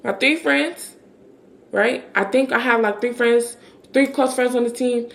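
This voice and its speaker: A young woman vlogger telling a story in a casual, animated way, with lots of fillers and quoted back-and-forth. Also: a little high, measured pace, gravelly. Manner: chatty, animated retelling with many fillers and quoted dialogue.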